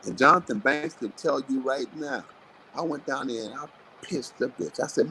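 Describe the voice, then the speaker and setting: A man, a boxing trainer, telling blunt, animated stories with plenty of swearing in a live interview. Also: mid-range voice, moderate pace, gravelly, slight background noise, rough recording. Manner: animated, blunt, profane storytelling.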